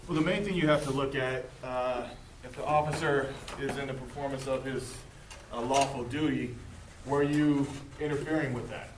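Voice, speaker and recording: A man with a mid-range voice explains how charges are weighed, pausing often on "uh". The room around him is echoey, with a faint hiss. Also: mid-range voice. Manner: hesitant, many uh fillers. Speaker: panel guest, legal reviewer.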